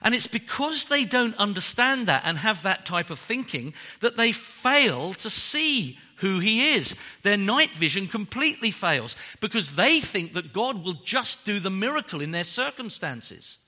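Bright, lively-voiced preacher man. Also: sits high, a little slow, hardly any pauses. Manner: dramatic preaching that swings from loud to hushed. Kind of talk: sermon.

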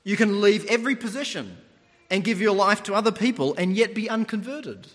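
A man's voice: high voice, a little fast. A man preaching a sermon, retelling stories and putting on voices as he goes. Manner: animated storytelling, mimics voices. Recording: long hall reverb.

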